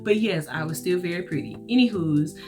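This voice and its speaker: A woman's voice: lowish voice, fairly quick, darkish tone, soft background music. A woman vlogger telling a story in a casual, chatty way, often talking straight to her listeners. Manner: chatty, emphatic, addresses listeners as y'all.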